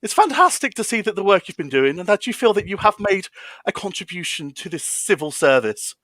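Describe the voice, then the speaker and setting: A man's voice: sits high, very animated, a little fast, a bit bright, no echo, pitched above the performer's own voice. A man impersonating a smirking female politician, mock-polite and menacing in a comedy roast. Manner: smarmy, mock-polite turning threatening.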